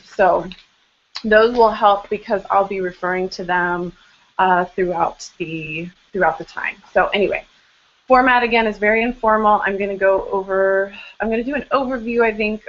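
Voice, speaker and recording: A woman's voice: medium pitch, a bit bright. An American woman hosts a live online Q&A in a loose, chatty way, poking fun at herself as she goes. Her voice sits in an ordinary middle register. It comes through a home video call with dull, lo-fi sound. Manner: chatty, informal, self-deprecating. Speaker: host of a blogging Q&A webinar. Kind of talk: casual live webinar talk. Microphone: webcam on a video call, later a headset.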